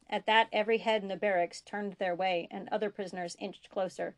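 A woman reading her own fiction aloud in a steady, measured narration, dropping to soft whispers for tense dialogue. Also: medium pitch. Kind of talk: audiobook-style fiction reading.

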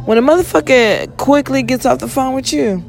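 With faint music playing behind her, a woman talks on her own podcast in a high-sitting, gravelly voice with a darkish tone and moderate pace. The monologue is casual, blunt, rambling and full of swearing, broken up by frequent yawns.

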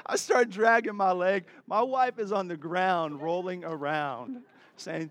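A man's voice: sits high, measured pace. A middle-aged man preaching a sermon, telling stories with energy and speaking straight to his listeners. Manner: animated storytelling, addresses the crowd directly. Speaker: pastor.

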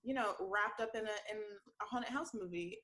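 A woman's voice: mid-range voice, normal speed, sharp tone, low-quality recording. Rambling woman chatting with frequent laughs. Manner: rambling, laughs often, many fillers. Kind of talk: casual podcast chat.

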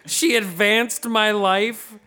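A man playing in a tabletop game, speaking dramatic, drawn-out lines in character. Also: high-pitched, steady tone, sharp tone. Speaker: player.

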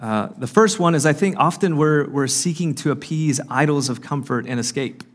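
A man's voice: fairly high pitch, moderate pace. A man speaking earnestly at a marriage conference, giving a faith-based talk with frequent fillers and restarts. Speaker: conference speaker and podcast host. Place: conference hall.

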